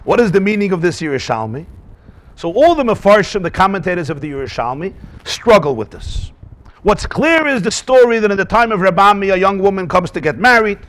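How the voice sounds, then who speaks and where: A man teaching a Talmud class as a rabbi. He talks in an animated way, asks rhetorical questions and mixes in Yiddish and Hebrew terms. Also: high-pitched, brisk.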